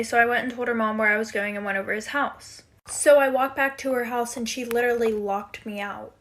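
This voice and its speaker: Young woman, slightly high-pitched, chatty storyteller recounting drama. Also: fairly even intonation, a little fast, hardly any pauses, bright, forceful tone, a little hiss or hum. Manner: chatty, quoting friends. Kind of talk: casual storytime.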